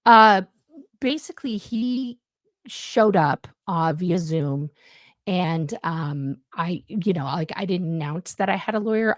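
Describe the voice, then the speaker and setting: Sitting low in pitch, this young adult woman's voice comes through dry and clean over a budget USB mic in her home room. She's a guest on a live stream, rambling casually and restarting often amid plenty of fillers.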